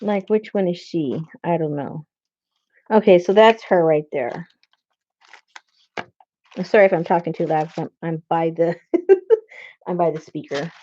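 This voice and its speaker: A woman's voice: lowish voice, lively intonation, a little slow, long pauses, dark tone, highs cut off, a little hiss or hum. A woman hosting a casual crafting video, rambling and talking to herself as she hunts through her supplies, standing indoors in her craft room. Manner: rambling, talks to herself while searching. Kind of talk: casual chat while crafting.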